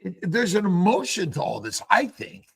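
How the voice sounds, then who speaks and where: A man's voice: high voice, sing-song, moderate pace, creaky, husky. A man hosting a casual talk, musing in a rambling, reflective way with many restarts. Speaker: host. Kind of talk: casual conversation.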